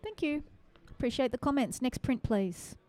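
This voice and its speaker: A woman's voice: high voice, lively intonation, normal speed, dark tone, no echo. A woman with a Western Sydney Australian accent hosting a live-streamed photography judging, calling scores and chatting with the audience. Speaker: photography awards host.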